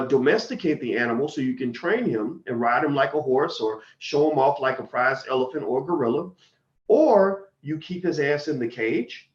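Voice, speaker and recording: Black guy ranting straight to camera, blunt and cussing, echoey and kinda muffled. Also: a little high. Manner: blunt, profane, heated lecturing. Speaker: commentator. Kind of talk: livestream monologue.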